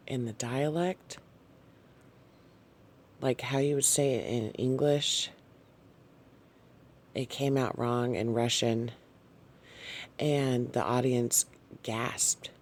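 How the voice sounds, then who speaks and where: A man shares a dream with his audience at an unhurried pace, pausing often on fillers and apologizing as he goes. His voice has a gravelly texture, and his delivery stays soft and hesitant. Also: mid-range voice, slight background noise. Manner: halting, soft-spoken, frequent fillers and apologies. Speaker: channel host sharing a dream. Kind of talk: casual spoken dream recounting.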